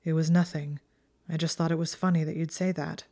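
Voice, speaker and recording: Woman voicing a guarded young male wizard, bitter, quiet, clipped, lowish voice. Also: flat delivery, fairly quick.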